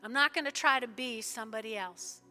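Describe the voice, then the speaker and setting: Woman pastor preaching at church, fervent, crisp bright voice, soft music under it. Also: a little high, a little fast. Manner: fervent, with sudden loud bursts and soft prayerful stretches. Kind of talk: sermon with altar call prayer. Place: church service.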